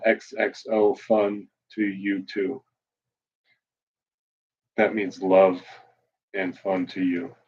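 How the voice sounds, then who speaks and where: A man's voice: fairly low pitch, a little mellow. A man in his forties blogging live, chatting and reading his own posts aloud in a wry, self-mocking, off-the-cuff way. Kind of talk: rambling casual live-stream chat. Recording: dull lo-fi stream audio.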